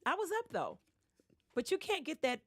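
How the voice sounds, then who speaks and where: Speaking at a normal speed, this female singer with a Detroit accent shares stories as a radio guest, enacting the people she quotes with wide leaps in pitch. Her studio microphone recording is clean, with no room sound.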